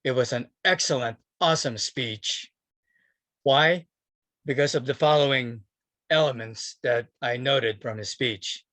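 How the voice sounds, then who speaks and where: A man's voice: mid-range voice, a bit bright, dry recording. A man giving a spoken evaluation at a speaking club, methodically listing the strengths he noted. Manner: methodical, listing points of praise. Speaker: speech evaluator. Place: club meeting room.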